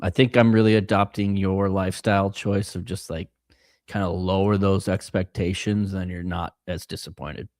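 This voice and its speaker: Lowish-voiced guy cohosting a podcast, jokey and playful, dry close mic. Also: level tone, moderate pace, darkish tone, dry recording. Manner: joking, playful announcer asides. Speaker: podcast co-host. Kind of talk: casual chat.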